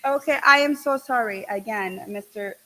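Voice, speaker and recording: A bubbly woman with a fairly high voice co-hosts a relaxed stream. She sounds effusive and warm toward her viewers while sharing a single microphone with the panel. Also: normal speed, rough recording. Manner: bubbly, effusive, gives shout-outs. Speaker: podcast host. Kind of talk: casual livestream chat. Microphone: single shared microphone.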